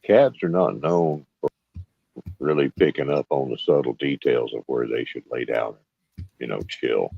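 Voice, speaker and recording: A man's voice: rumbling low, unhurried, creaky, slightly rough. A man rambling laid-back in casual chat over muffled call audio.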